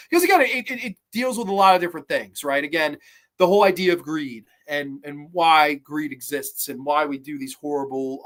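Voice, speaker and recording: A man's voice: a little high, a bit bright. A man hosting a podcast, reviewing horror films casually with enthusiastic, rambling talk full of fillers and mock-quoted lines. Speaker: podcast host.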